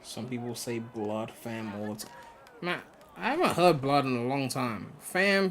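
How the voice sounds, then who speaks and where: Young man, mixed British and West African accent, laid-back, frequent swearing, rambling live-stream commentary, mid-pitched voice. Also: animated, unhurried, a bit bright. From United Kingdom. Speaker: gaming streamer.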